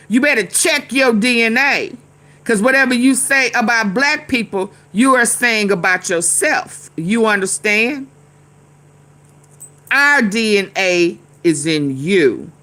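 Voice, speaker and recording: A woman's voice: fairly high pitch, lively intonation, takes it slowly, pushed and bright. A woman hosting live commentary over news clips, heated and repetitive, answering her chat directly. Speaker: commentary host.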